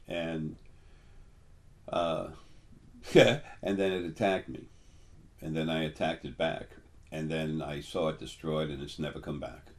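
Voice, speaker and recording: An older man with a deep, low voice gives a loose, unscripted talk as a spiritual teacher. He rambles and stops often with ums and restarts. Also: steady tone. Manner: rambling, halting with many ums. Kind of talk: casual monologue.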